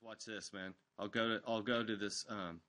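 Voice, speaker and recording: Animated rambling man telling stories. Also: fairly low pitch, normal speed. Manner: rambling, animated storytelling with profanity. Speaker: host. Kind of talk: casual chat. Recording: recorded live on an online stream.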